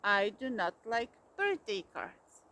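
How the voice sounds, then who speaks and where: Woman doing a cranky bear, booming and slow, storybook read-aloud. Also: sing-song, a little hiss or hum, exaggerated voice. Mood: grumpy. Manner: loud, growling, emphatic. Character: grumpy big male bear, stubborn.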